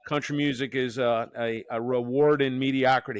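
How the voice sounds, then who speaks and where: Man, podcast host, smooth resonant voice, dry close sound, teasing rambling talk. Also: medium pitch, fairly even intonation, normal speed, hardly any pauses, no room sound. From Northeastern US. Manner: rambling, joking, many restarts. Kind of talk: casual podcast chat.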